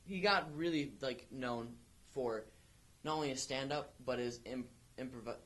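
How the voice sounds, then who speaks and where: A man's voice: mid-range voice, unhurried, fairly bright tone. A young man co-hosting an amateur podcast, chatting casually and rambling with many restarts. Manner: rambling, full of restarts and fillers. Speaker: podcast co-host. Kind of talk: casual chat.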